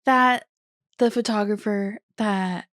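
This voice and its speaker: A woman's voice: medium pitch, steady tone, slow pace, a bit bright, no room sound. A young woman co-hosting a podcast, chatting casually and giving supportive, reassuring replies. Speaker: podcast co-host, wedding photographer. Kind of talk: casual chat.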